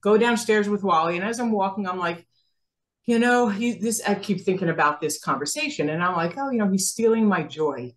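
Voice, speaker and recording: A woman's voice: medium pitch, a little fast. A woman in her sixties from New Jersey, telling a story as a guest in a casual interview and acting out the dialogue, laughing often. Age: 60s. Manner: animated, acts out quoted dialogue, laughs often.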